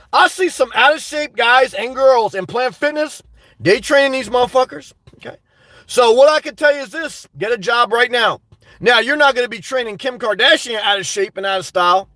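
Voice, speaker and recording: Speaking straight into a laptop mic, a very high-voiced man hosts a home livestream with a casual monologue. He's animated, swears freely, and erupts in loud outbursts, all captured in dry, close sound.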